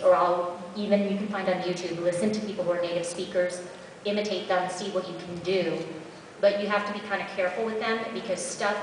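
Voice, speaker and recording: Answering questions from the crowd, a woman voice actor on a convention panel gives chatty, practical guidance peppered with asides. Her pitch is fairly low, and the echoey large hall, distant mic, and slight background noise color the audio.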